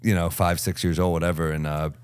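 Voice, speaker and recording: Low-voiced man telling lively stories. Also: quick pace, clean tone. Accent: New York. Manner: animated storyteller, laughs mid-sentence. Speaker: comedian podcast guest. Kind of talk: casual chat. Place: green room.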